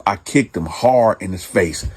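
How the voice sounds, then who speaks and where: A man's voice: fairly low pitch, measured pace, a little mellow, breathy edge. A man casually telling a true prison story in slangy, profane talk, calling his listeners "y'all.".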